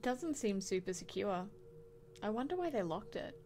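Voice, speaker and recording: A woman's voice: mid-range voice, big pitch swings, normal speed, music in the background. An actress voicing a friendly young woman in a video game, talking lightly and offhand.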